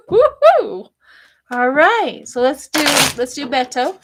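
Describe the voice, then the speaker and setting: Slow-talking older tarot reader woman. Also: high voice, big pitch swings, background noise. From Colorado, United States. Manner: chatty, laughs often, gossipy asides. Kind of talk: casual livestream tarot reading.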